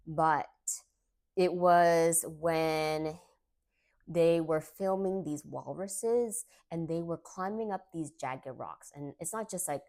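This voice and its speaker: Low-voiced woman gushing over books. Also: darkish tone. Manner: chatty and gushing, with many fillers. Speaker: book reviewer. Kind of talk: casual book review vlog.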